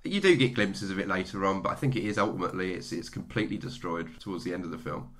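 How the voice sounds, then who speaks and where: A man's voice: deep voice, fast, fairly bright tone, a little hiss or hum. A man co-hosting a podcast, chatting enthusiastically about a film with many restarts. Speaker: podcast co-host. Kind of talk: casual film-review chat.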